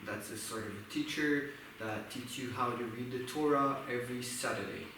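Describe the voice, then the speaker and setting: A young man with an Israeli accent, a musician telling stories of growing up in a loose, animated way. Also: medium pitch, normal speed. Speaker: musician sharing his story. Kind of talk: casual conversation. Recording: echoey room, from far off, faint noise.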